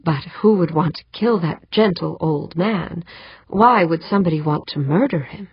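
Brief: cranky, cautious man, as read by a woman, low husky voice, measured delivery. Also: no echo. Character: tired, cautious male official. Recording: dull muffled audiobook recording.

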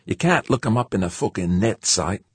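A man's voice: lowish voice, animated, normal speed, husky, no echo, voice pushed up. A man voicing a weary, profane male spacer who swears bluntly and insists on his point, read as an audiobook character. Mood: agitated.

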